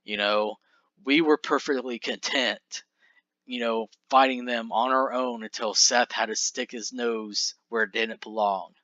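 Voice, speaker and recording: A man's voice: medium pitch, steady tone, measured pace, sharp tone, no room sound. A man voicing a bitter, fed-up male wrestler who rants at his tag partner, in a dull, dry recording. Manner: aggrieved, ranting.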